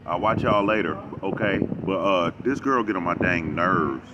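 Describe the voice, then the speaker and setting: A man giving a rambling, animated reaction commentary, talking back at a video he is watching. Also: low voice, moderate pace, muffled recording, very noisy. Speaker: reaction vlogger.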